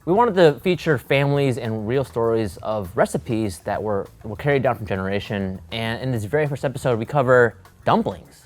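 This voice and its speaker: A man's voice: mid-range voice, lively intonation, normal speed, hardly any pauses. Male co-host, mid-range voice, easygoing and self-deprecating, casual office banter. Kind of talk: casual chat.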